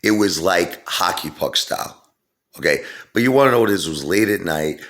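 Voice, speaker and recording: A middle-aged man rambles through a casual story in an extremely deep voice. He digresses constantly, padding his talk with fillers and asides. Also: animated, a little fast, fairly bright tone. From Brooklyn, New York. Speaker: vlogger.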